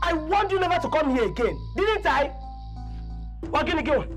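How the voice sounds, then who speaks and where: An actress playing a fierce Nigerian mother who shouts and scolds, with a Nigerian accent. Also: high-pitched, animated, a little fast, faint music behind, low-quality recording. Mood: angry. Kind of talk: Nollywood film drama.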